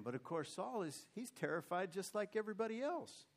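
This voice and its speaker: Emotional preacher reading scripture. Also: male voice, sits high, very animated, a little fast, hardly any pauses. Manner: reads old scripture aloud, then comments with emotion and emphasis.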